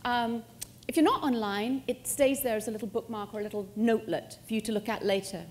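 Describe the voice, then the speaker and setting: Lively woman giving a talk. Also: a little high, a little fast. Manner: lively, joking, self-mocking. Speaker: conference speaker. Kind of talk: live demo presentation. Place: conference hall stage.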